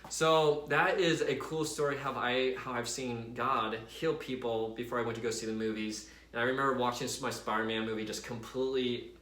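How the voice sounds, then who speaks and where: A man casually telling a personal faith story to his viewers in a chatty, animated way, full of fillers. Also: mid-range voice, normal speed, few pauses, echoey room. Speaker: vlogger sharing a faith story.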